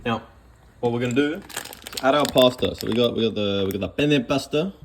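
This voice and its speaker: A man's voice: medium pitch, a little fast, slight background noise. A man giving a rambling, joking cooking demonstration in a home kitchen. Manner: joking, rambling, self-deprecating. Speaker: cooking vlogger.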